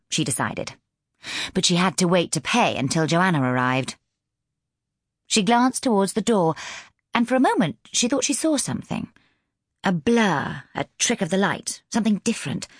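A woman narrating an audiobook in a measured, expressive storytelling manner, close to a studio mic. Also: fairly low pitch, husky, no room sound.

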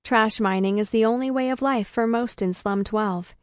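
Deadpan woman narrating an audiobook. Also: on the high side, normal speed, dry recording, studio quality. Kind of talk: first-person audiobook narration.

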